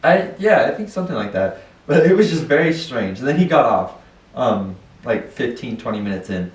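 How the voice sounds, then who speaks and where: A young man co-hosting a casual podcast, telling stories in an animated way with frequent laughs. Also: medium pitch, normal speed. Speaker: podcast co-host. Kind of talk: casual chat. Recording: roomy, distant mic.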